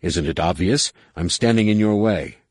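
A man's voice: low-pitched, moderate pace, a little mellow, dry recording, clean studio sound, natural voice. A man voicing a bold young male Jedi warrior in an audiobook, defiant and mockingly cheerful. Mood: mocking defiance.

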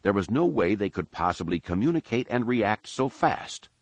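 A man with a very low, deep voice narrates an audiobook in a measured, dramatic style, using big pitch swings. The scripted narration is recorded dry and close, with no room sound.

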